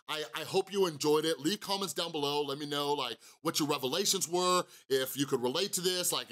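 A man's voice: fairly high pitch, a bit bright. Rambling young man vlogging to camera. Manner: rambling, lots of fillers and restarts. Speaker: mental health YouTuber. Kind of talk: casual talk to camera.

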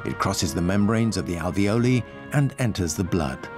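A man narrating a science documentary in a measured, explanatory way. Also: deep voice, expressive. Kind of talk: scripted narration. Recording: faint music behind.

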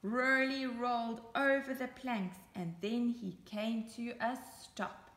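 Slow, bright-voiced woman reading to children. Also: on the high side, roomy sound. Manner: animated, chatty asides to young listeners. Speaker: storybook reader. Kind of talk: children's story read-aloud.

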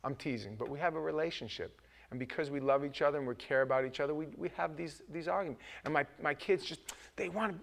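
In a fairly high voice and at a fast pace, a man delivers a joking, informal sermon as pastor of a church. He speaks conversationally from the sanctuary and frequently starts his sentences over.

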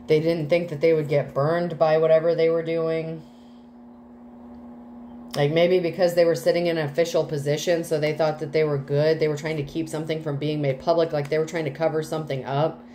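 A woman's voice: low-pitched, level tone, moderate pace, dark tone, a little hiss or hum, poor audio. A woman doing a casual tarot reading, chatty and full of fillers, with some casual swearing. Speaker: tarot reader.

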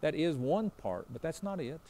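A man's voice: fairly high pitch, sing-song, normal speed, dark tone. A man preaching a sermon as pastor, telling a story in a folksy way and acting out both sides of a conversation. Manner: folksy, repeats "I said" and "he said".

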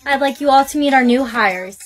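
Give me a high, synthetic text-to-speech woman reading short story skits evenly. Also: fairly quick, background noise. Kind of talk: text-to-speech POV skit narration.

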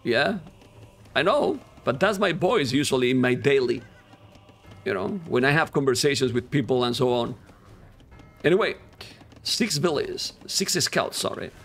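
Excitable male esports caster. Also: medium pitch, moderate pace, pauses often, soft background music. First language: Spanish. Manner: excitable, animated casting voice, non-native grammar. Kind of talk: live game commentary.

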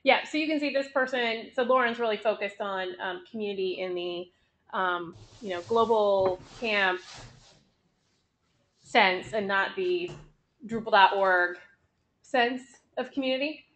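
A woman's voice: medium pitch, unhurried, fairly bright tone. A woman chairing a board meeting, moving between agenda items and handing over the floor.

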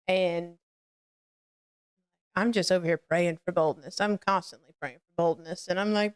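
A woman's voice: on the low side, a little slow, long pauses, smooth. A woman hosting a live-streamed faith podcast, talking candidly and rambling as she greets her chat and shares personal reflections. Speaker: podcast host.

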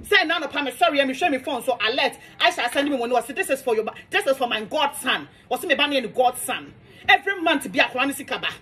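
High animated Ghanaian woman scolding. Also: fast, slightly rough. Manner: scolding, defiant, emphatic. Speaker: social media commentator. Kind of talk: heated monologue rant.

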